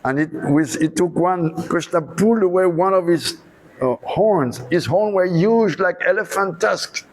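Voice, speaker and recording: A monk preacher telling a devotional story in an animated sermon, acting out the dialogue. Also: male voice, high-pitched, unhurried, a little hiss or hum, poor audio.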